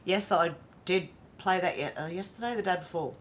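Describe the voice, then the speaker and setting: A woman's voice: fairly low pitch, moderate pace, slight background noise. An Australian woman hosting a casual livestream, reading viewer comments aloud and greeting each by name. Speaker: livestream host reading chat.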